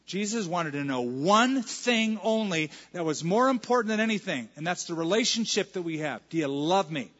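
A fairly high-voiced man preaching in a church, speaking in a conversational, storytelling way as he walks through a scripture passage. The sound is dull and lo-fi, and a long reverb trails off each phrase. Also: animated, moderate pace, few pauses, a bit bright. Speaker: pastor. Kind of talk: sermon.

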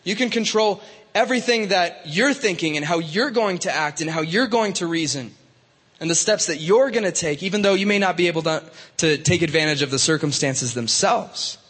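A man's voice: high-pitched, expressive, moderate pace, a bit bright, husky, in a large hall. A man preaching to young people in a casual, conversational way, with many fillers and restarts. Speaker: youth pastor. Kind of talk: youth sermon.

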